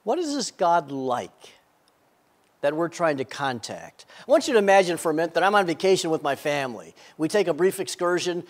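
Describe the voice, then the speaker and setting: A man's voice: a little high, very animated, brisk. A man preaching a sermon, telling an illustration with frequent stammered repeats. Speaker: pastor.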